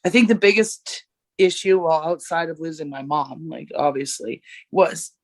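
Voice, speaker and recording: A woman's voice: sits low, normal speed, no room sound. Canadian woman, podcast guest on video call, dry sound, blunt and profane, jokey. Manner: joking, blunt, swears freely. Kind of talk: casual chat.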